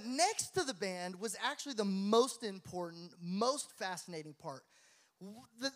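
A man preaching a sermon as the pastor. He tells stories in a lively, joking manner and often laughs at his own tales, then moves into Bible teaching. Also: very high voice. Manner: animated, jokey storyteller who laughs at his own tales. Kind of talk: sermon with storytelling.

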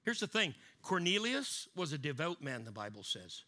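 A male preacher delivers a sermon in a bright, forceful, slightly high voice. He swings between loud, emphatic bursts and low, hushed asides to drive his points home. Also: very animated, moderate pace. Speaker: pastor.

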